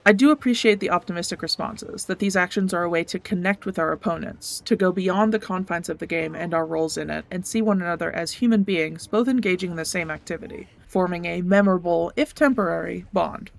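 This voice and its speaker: A gaming YouTuber narrating a scripted video essay in a measured, thoughtful, earnest way. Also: medium pitch, vocal fry.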